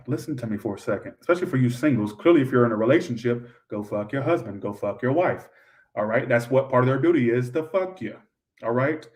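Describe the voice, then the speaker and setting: Male tarot reader, brash and crude, middle pitch, some distance from the mic. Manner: blunt, swears freely, loud outbursts. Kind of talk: live tarot reading.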